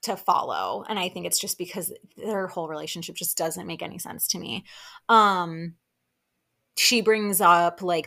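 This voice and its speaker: A woman's voice: fairly low pitch, a bit bright. A young adult woman hosting a podcast, recapping a reality show in heated, opinionated casual commentary with sighs and asides.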